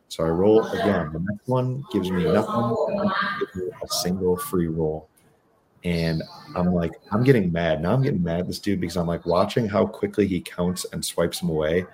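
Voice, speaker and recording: A man's voice: low voice, moderate pace, a little hiss or hum. A man from New England, a podcast guest, telling a casual story with lots of swearing and acted-out quotes. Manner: animated, profane, acts out quotes.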